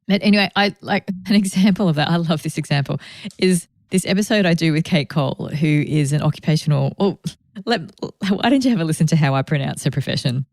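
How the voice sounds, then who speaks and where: A woman's voice: deep voice, fast, creaky, darkish tone, no room sound, clean studio sound. A woman hosting a podcast, talking in a reflective, conversational way with grateful asides. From Australia. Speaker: podcast host. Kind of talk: reflective solo podcast talk.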